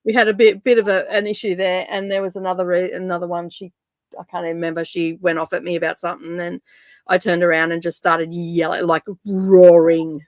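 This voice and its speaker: A woman's voice: fairly low pitch, level tone, fast, no room sound. A woman hosting a casual reading stream, chatting in a rambling, sarcastic way and laughing often. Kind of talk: casual chat.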